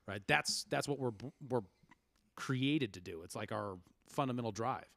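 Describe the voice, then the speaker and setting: A man's voice: medium pitch, moderate pace, vocal fry, fairly bright tone, no echo. A man co-hosting a casual podcast, explaining history at length in a lecturing way. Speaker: podcast co-host. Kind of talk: casual chat.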